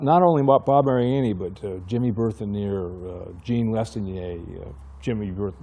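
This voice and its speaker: A man's voice: lowish voice, warm tone. An older man, a retired fire chief, telling stories from his career in an oral history interview and acting out the dialogue he remembers. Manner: reminiscing storyteller who acts out remembered dialogue.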